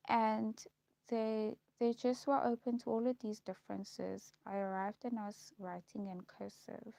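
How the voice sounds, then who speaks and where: A young woman telling her life story in a casual vlog, repeating herself and pausing with ums as she lists memories. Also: medium pitch, steady tone, vocal fry, mellow, no echo. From South Africa. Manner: repetitive, listing recollections with frequent ums. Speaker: vlogger. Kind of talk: personal storytelling. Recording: dull lo-fi recording.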